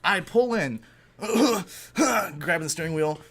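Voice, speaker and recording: A young man co-hosting a podcast, telling a story in a casual, animated way, swearing and laughing as he goes. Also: high-pitched, slow pace, noisy background. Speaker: podcast co-host. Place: indoor recording room.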